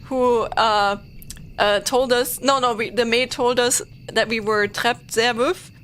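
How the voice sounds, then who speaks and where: A woman's voice: a little high, fairly even intonation, a little slow, fairly bright tone, slight background noise. A woman with a German accent, a VTuber host chatting casually and giggling while recapping a story game. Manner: giggly, rambling with many fillers. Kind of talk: casual game-stream chat.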